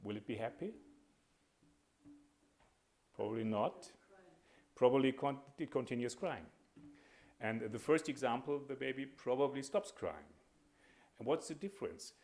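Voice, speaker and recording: A man giving an academic lecture as a panel speaker, measured and hesitant, with frequent pauses and fillers. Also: medium pitch, expressive, darkish tone.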